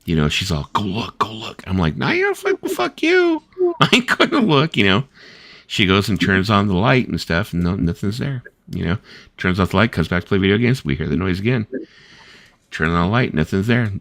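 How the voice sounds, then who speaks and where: A man's voice: low voice, fairly quick, fairly bright tone, no echo. A man in his fifties hosting a casual late-night chat, rambling through stories full of "like" and "you know" and acting out the voices of the people he quotes. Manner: rambling storyteller, filler-heavy, lots of "like" and "you know"; acts out quoted voices while telling stories. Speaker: host.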